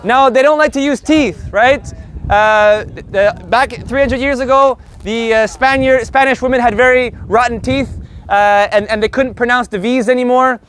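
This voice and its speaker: A man with a very high voice teaches a live Spanish lesson, joking and animated as he slowly repeats each word for his learners. Faint traffic noise hums behind him from outside. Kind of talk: live online language lesson.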